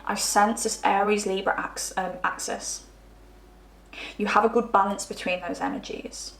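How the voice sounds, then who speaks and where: A woman's voice: mid-range voice, level tone, normal speed, gravelly, a bit bright. Chatty woman in an echoey room. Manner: chatty, rambling, trips over words. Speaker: tarot reader. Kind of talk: pick-a-card tarot reading. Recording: roomy echo.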